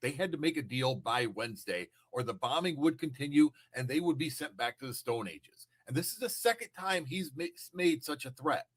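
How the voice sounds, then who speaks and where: A man's voice: mid-range voice, expressive, moderate pace, few pauses. A man delivering an indignant political opinion monologue, speaking emphatically. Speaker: political commentator.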